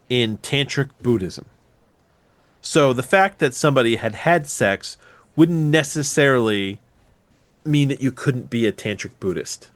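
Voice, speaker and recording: A man hosting a podcast, casually recapping a movie with lively, profane storytelling. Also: medium pitch, dry recording. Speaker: podcast host.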